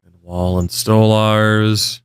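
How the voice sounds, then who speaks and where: Yawning and hiccuping, a young man rambles casually over hockey video game footage, cursing occasionally. His voice sits on the low side with a flat, slow delivery and a clean tone, captured in clean studio sound with no room sound.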